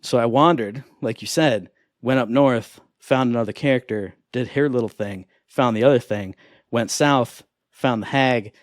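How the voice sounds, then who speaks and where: A man in his thirties co-hosting a podcast, chatting with excitement and acting out the voices he quotes. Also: medium pitch, normal speed, dry recording, clean studio sound. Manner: enthusiastic, animated, acts out quoted voices. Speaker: podcast co-host. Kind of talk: casual chat.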